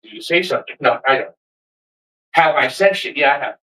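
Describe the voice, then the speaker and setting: A man ranting to camera in a passionate, energetic, heavily profane way, rambling and restarting as he makes his points. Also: a little high, a little fast, rough recording. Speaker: vlogger. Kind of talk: casual rant to camera.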